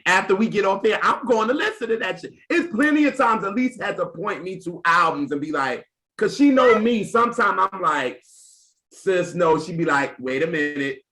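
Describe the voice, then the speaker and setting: A man's voice: sits high, lively intonation, brisk, bright, forceful tone. A man co-hosting a music podcast who talks expressively and emphatically, laughing often. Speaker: podcast co-host. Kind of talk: casual chat.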